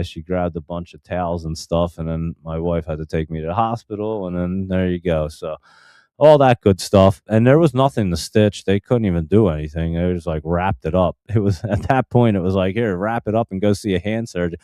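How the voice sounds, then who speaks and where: A man's voice: low-pitched, normal speed, warm tone, smooth, no echo, clean studio sound. A man telling a casual story in a rambling way, full of fillers and restarts. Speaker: stock channel host.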